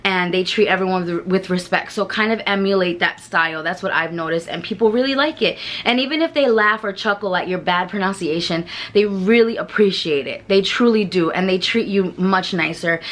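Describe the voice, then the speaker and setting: A woman's voice: medium pitch, a bit bright. A woman giving casual travel tips to camera in a frank, chatty way with mild swearing. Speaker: travel vlogger.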